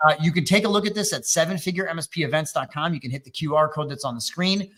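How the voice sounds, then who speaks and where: Man, webinar host, bright voice, slightly high pitch, joking, rambling. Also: quick pace. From Wisconsin. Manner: loose, joking, rambling with fillers. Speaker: webinar host and MSP coach. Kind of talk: energetic webinar talk.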